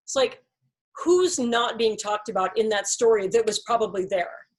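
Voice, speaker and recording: A woman's voice: on the high side, normal speed. A woman leading a casual Bible study discussion, explaining thoughtfully with examples and many "like"s and "you know"s.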